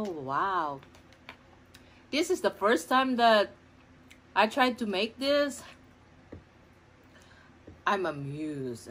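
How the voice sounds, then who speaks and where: With slight background noise behind her, a middle-aged food vlogger eats on camera in her home kitchen for a mukbang. Her voice is on the low side with a fairly bright tone, and she murmurs between bites while enthusing about the food.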